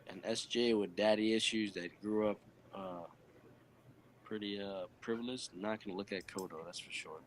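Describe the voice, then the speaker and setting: A man's voice: lowish voice, fairly even intonation, moderate pace, slight background noise. A man in casual banter, talking in a slangy, boisterous way.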